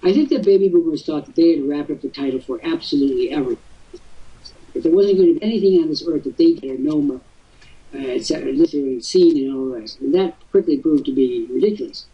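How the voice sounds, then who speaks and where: A man's voice: a little high, quick pace, recorded from a distance. An older man hosting a live webcast talk show, telling stories expansively with theatrical asides. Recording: husky voice from off-mic, muffled lo-fi audio.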